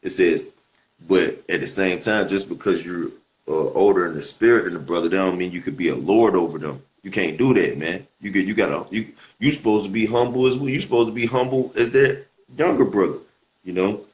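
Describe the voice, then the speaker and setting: A man's voice: deep voice, a little fast, lo-fi sound. A man teaching scripture in a casual, slangy way, reading verses aloud and repeating words as he explains them. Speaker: preacher.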